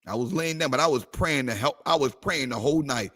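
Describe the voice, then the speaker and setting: A man's voice: medium pitch, a little fast, fairly bright tone. A man preaching a sermon with passion, slipping into sung phrases. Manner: impassioned, call-and-response preaching with sung phrases. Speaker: pastor. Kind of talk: preaching to a livestream audience.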